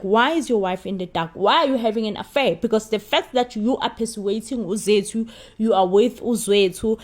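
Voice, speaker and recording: A woman with a South African accent giving a casual spoken review of a soap opera, emphatic and repetitive, mixing in Zulu phrases. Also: a little high. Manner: emphatic, repeats herself, mixes in Zulu phrases.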